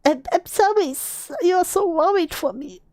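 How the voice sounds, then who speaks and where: A woman's voice: extremely high pitch, moderate pace, darkish tone, dry recording, voice pushed up. A woman voicing a clingy, apologetic young man, reading his messages in a mock plaintive whine. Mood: pleading.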